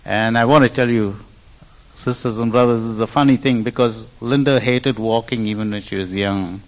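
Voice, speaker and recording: A man's voice: mid-range voice, moderate pace, poor audio. A man from India, giving a personal testimony in church and acting out the people he quotes. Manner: animated storyteller who acts out quoted speech.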